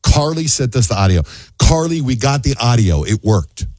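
A man's voice: mid-range voice, very animated, moderate pace, darkish tone, no room sound. A man hosting a radio show in casual chat, upbeat and teasing as he recaps a caller's story. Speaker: radio host. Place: radio studio.

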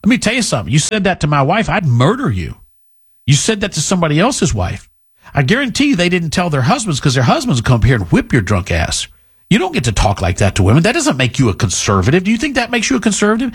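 A man's voice: fairly high pitch, wildly swooping pitch, fast, husky. Blunt, combative male radio host. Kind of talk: opinionated radio monologue.

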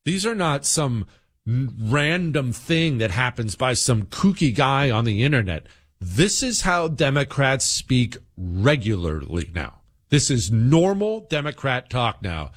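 A man's voice: medium pitch, very animated, moderate pace. A man hosting a political talk radio show, delivering a heated, indignant monologue.

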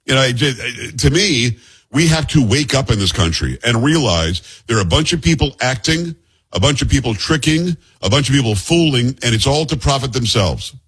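Male host with a New York accent, blunt and sarcastic, slightly husky voice. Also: medium pitch, lively intonation, moderate pace, fairly bright tone. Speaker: host commentator. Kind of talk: political commentary.

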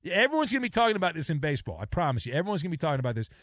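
A man's voice: fairly high pitch, very animated, very fast, no room sound, clean studio sound. A man hosting a sports talk radio show, playful and theatrical, with joking asides and repetitions. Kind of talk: sports talk radio with live-read ads.

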